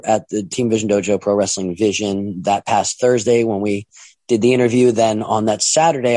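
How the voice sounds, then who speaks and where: A man's voice: lowish voice, darkish tone, dry recording. Middle-aged guy rambling thru a story, does little voices for people, dry mic. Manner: rambling, acts out quoted voices. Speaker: wrestling promoter and trainer. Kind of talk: casual storytelling monologue.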